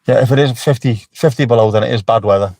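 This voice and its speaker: Talking fast in a medium-pitched, darkish voice, this middle-aged livestream host keeps things casual. He jokes, swears freely and responds to the chat.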